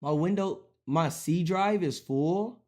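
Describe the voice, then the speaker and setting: A young man streaming, talking casually in an animated, profane way, often repeating himself. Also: fairly high pitch, takes it slowly.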